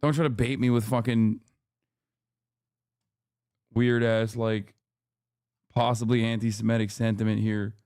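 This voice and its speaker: A male streamer giving animated, profane, sarcastic live commentary in a casual rant. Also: lowish voice, measured pace, pauses often, clean tone, dry recording, studio quality.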